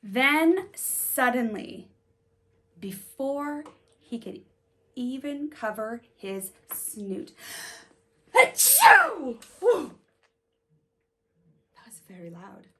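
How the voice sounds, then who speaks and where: A woman reading a children's picture book aloud in an animated, sing-song way, stopping to ask her young listeners questions. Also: fairly high pitch, very slow, long pauses. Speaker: storybook reader.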